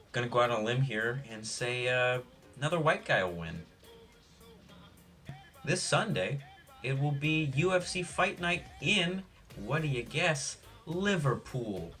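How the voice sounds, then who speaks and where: Young male vlogger, dry deadpan delivery, rambling jokey asides, faint background music. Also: medium pitch. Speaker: sports vlogger. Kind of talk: jokey sports preview monologue.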